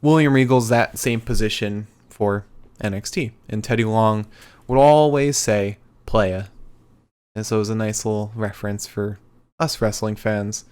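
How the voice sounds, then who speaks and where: A man's voice: fairly low pitch, normal speed, darkish tone, clear, resonant tone. A man co-hosting a podcast, recapping events in a loose casual chat, rambling along with frequent ums. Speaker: podcast co-host.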